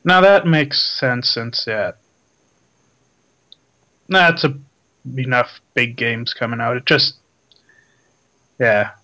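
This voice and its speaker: A man in an easygoing gaming chat, speaking at an unhurried pace with a middle-pitched voice. He trails off often and leans on filler words. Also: sharp tone, poor audio. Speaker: podcast co-host.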